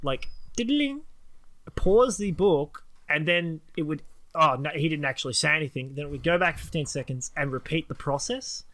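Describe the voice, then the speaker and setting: A podcast co-host chats casually in a slightly high voice at a moderate pace. He's an animated storyteller who acts out the quoted voices in his tales.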